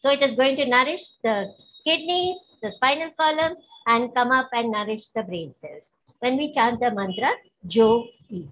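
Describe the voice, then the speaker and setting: A woman leading a guided healing practice, gentle and instructive, often checking that her listeners follow. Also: a little high, normal speed. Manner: gentle, instructive, asks for confirmation. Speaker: spiritual teacher. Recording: dull, lo-fi.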